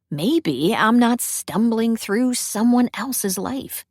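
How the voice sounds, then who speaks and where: A woman's voice: on the high side, expressive, slow pace, hardly any pauses, darkish tone, husky, no room sound, studio quality. A young adult woman narrating a first-person romance audiobook in a wry, self-deprecating way.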